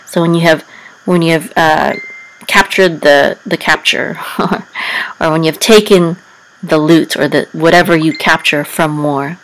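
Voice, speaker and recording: A woman's voice: low-pitched, steady tone, a little slow, a bit bright, a little hiss or hum, low-quality recording. Patient woman teaching syllable by syllable. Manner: patient, careful, sounds out syllables and self-corrects. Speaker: Hebrew and Torah chanting teacher. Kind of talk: step-by-step language lesson.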